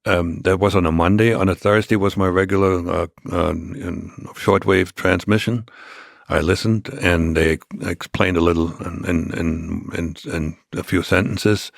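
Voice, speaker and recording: An older man, a podcast guest, telling a long story in a halting way with many restarts. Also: deep voice, steady tone, gravelly, no room sound, studio quality. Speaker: interview guest.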